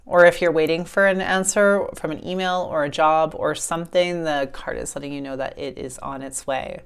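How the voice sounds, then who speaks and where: A woman with a deep, low voice talks her viewers through a tarot reading in an easy, casual way. She is blunt and plain-spoken, and doesn't mind a curse word. When she reads a passage aloud, she slows into a calm, measured delivery. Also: smooth. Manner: blunt and frank, swears casually. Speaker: tarot reader. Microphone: clip-on mic.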